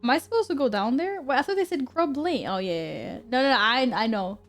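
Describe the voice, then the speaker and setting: A young woman chatting casually on a game stream, joking and rambling with quick self-corrections. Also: sits high, lively intonation, soft background music. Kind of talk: casual live-stream chat while gaming.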